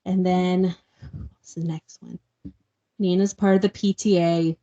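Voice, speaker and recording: A woman with a lowish, mellow voice rambles through a novel's plot in casual chat, dropping "like" into nearly every phrase. The audio is dull and lo-fi, like a home podcast recording. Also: level tone, unhurried. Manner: rambling, fills speech with "like". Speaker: book podcast co-host.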